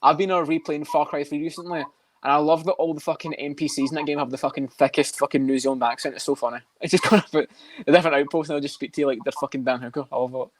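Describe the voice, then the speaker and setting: A man's voice: on the high side, steady tone, no echo. A young Scottish man with a Scottish accent in a casual podcast chat, swearing a lot as he talks. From Scotland. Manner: swears constantly, quick and chatty. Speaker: podcast co-host.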